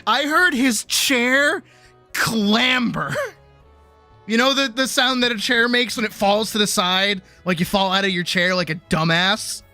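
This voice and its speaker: Animated laughing streamer woman, high bright voice. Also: a little slow, soft background music. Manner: animated, laughing often, swearing freely; quotes people in big high-pitched voices. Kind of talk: casual livestream storytelling.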